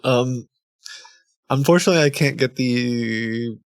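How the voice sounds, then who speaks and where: A man streaming from home in a loose, rambling way, breaking off mid-thought and chuckling at his own fumbles. His voice sits at an ordinary middle pitch, close on the mic in a dry room with no echo. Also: a little slow. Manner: rambling, self-interrupting, laughs often. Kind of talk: casual live-stream chat.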